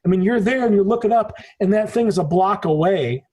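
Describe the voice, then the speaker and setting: A husky man in his forties from the United States talks as a podcast guest, his voice sitting high for a man. He tells stories in a loose, rambling way, leaning hard on his points and swearing casually. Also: fairly quick, darkish tone. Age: 40s. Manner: rambling, emphatic storytelling with frequent swearing. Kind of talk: casual conversation.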